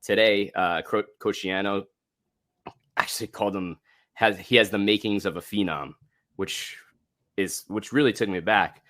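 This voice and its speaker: A man co-hosting a sports podcast, giving measured, somewhat halting analysis. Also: lowish voice, steady tone, a bit bright. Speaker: sports reporter and co-host.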